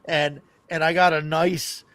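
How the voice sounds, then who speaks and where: A man's voice: fairly high pitch, little pitch movement, a little slow, fairly bright tone, dry recording. A man hosting a casual tabletop gaming chat, telling stories in a rambling way and often laughing. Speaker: podcast host.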